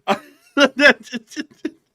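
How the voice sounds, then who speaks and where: A man's voice: very slow, bright, forceful tone. A man hosting a live stream in casual, rambling chat, calling the audience "folks" and piling up fillers. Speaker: livestream host.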